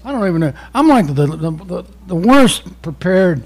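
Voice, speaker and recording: A former undercover narcotics officer turned poet, giving a rambling, profane poetry reading full of stories. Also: male voice, high-pitched, animated, a little fast, a little mellow. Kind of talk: live poetry reading with storytelling.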